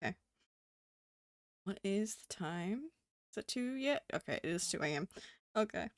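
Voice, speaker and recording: A woman's voice: medium pitch, animated, a little slow, dry recording. A young woman streaming late at night, chatting casually to viewers as she draws, swearing freely and laughing often. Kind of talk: casual late-night live-stream chat while drawing. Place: room at home.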